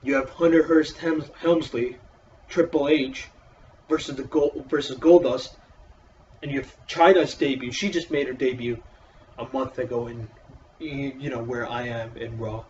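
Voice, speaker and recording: A man's voice: medium pitch, steady tone, a little slow, a little mellow, far from the mic, dull audio, a little hiss or hum. A man casually reviewing a wrestling show in a profane, exasperated, sarcastic rant.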